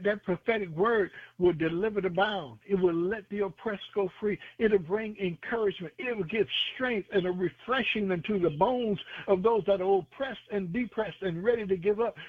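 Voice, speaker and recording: A man delivers a radio sermon in a high, husky voice. His phrasing is fervent and rhythmic, stacking repeated lines and scripture. The sound is thin and phone-like, with no room echo. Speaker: preacher. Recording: tinny phone-line sound.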